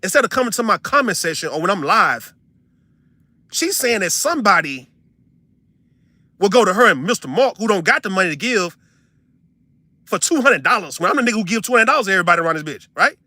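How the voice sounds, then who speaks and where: A young man, ranting to his stream audience in a heated, profane, incredulous way, swinging from loud outbursts to low mutters. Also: sing-song, fast, long pauses, dry recording. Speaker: livestreamer venting to his audience. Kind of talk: heated casual rant.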